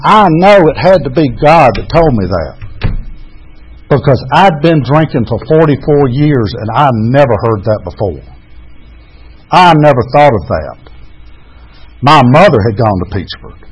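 A man's voice: mid-range voice, husky. A man in his sixties frankly telling his own recovery story, mocking himself at times. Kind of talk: candid personal testimony. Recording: dull, muffled recording.

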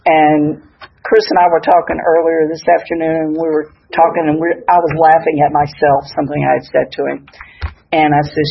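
Older woman, folksy and self-mocking, gravelly, faint hiss, audience hall. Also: deep voice, level tone, a little fast, highs cut off. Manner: warm-hearted, folksy, laughs at herself. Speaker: recovery meeting speaker. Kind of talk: personal share at a sobriety meeting.

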